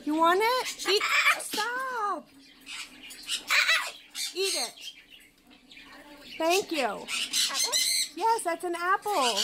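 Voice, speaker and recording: A woman vlogger in her bird room, talking to her pet birds in a coaxing, sing-song way. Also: extremely high pitch. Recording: loud bird noise in room. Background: loud squawking parrots.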